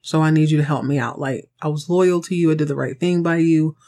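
A woman's voice: deep voice, steady tone, brisk, dark tone, close to an everyday voice. A woman voicing a fired man who pleads with his old boss in a casual, aggrieved tone.

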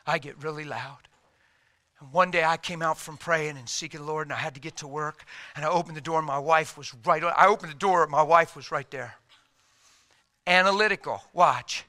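A middle-aged man preaching with a very bright, ringing voice and a slightly raised pitch. He tells his story animatedly, jumping between loud bursts and near-whispers. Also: normal speed. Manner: animated, swings from loud to hushed, acts out quotes. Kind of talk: sermon storytelling.

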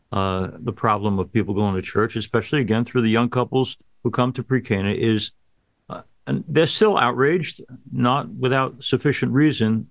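A priest hosting an interview show, speaking in a measured way with hesitant fillers. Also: male voice, mid-range voice, no room sound.

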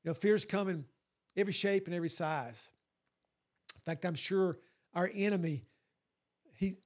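A man preaching a sermon to his congregation, animated and lively, sometimes acting out voices. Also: high-pitched. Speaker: pastor.

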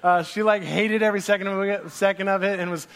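A man in his thirties preaching a sermon as a pastor, an animated storyteller who acts out voices and laughs through his anecdotes to a congregation. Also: high voice, quick pace. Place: church hall before a congregation.

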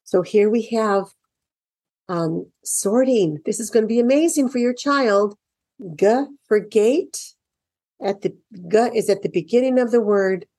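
A woman's voice: a little high, unhurried, dark tone, dry recording. A woman in her fifties, a parent, walks through a children's reading workbook in an enthusiastic, encouraging lesson. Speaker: parent teaching early reading.

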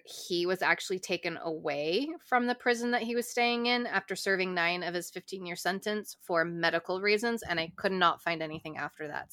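A woman's voice: fairly low pitch, sharp tone, dry recording, studio quality. A woman co-hosting a casual podcast, going through her notes in a blunt, offhand way. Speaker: podcast co-host. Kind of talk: casual chat.

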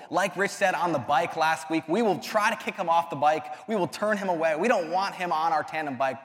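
A man's voice: fairly high pitch, fairly bright tone. A young man giving a casual sermon to a youth group, earnest and conversational, often restarting his sentences. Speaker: youth ministry speaker. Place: church hall. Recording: long hall reverb.

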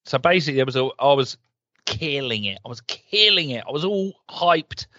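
A man co-hosting a casual podcast, ranting and swearing in an animated, jokey way. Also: mid-range voice, moderate pace, dry recording, muffled recording. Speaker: podcast co-host. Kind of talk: casual chat.

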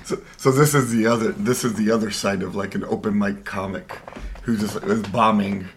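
A man with a low voice chatting casually as a podcast co-host. He drops in relaxed comments and laughs easily. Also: normal speed, a little hiss or hum. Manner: relaxed interjections, frequent laughs. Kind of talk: casual recap chat.

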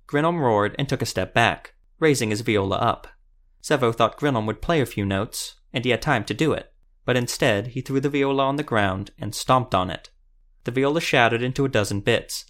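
A man narrating a fantasy audiobook in a steady, even storytelling manner. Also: mid-range voice.

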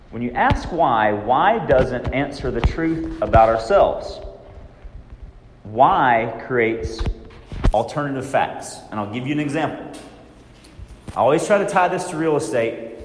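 A man giving a training talk to real estate agents in a large room, lively, often acting out worried inner voices. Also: mid-range voice, echoey room, big-room sound, slight background noise.

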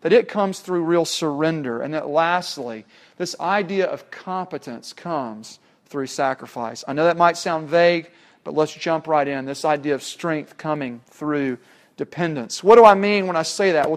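Preacher, male, somewhat high voice, emphatic sermon with rhetorical questions. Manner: emphatic, rhetorical questions, swings from loud to hushed.

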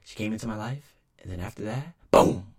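A man's voice: lowish voice, fast talker, a little mellow, husky. A man podcaster delivering a rambling, emphatic solo rant.

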